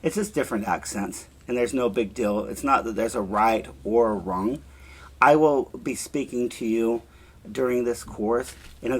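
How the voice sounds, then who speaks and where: A man teaching a Spanish class, slowly repeating verb forms for students to echo. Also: medium pitch, husky. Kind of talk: classroom lesson with drills.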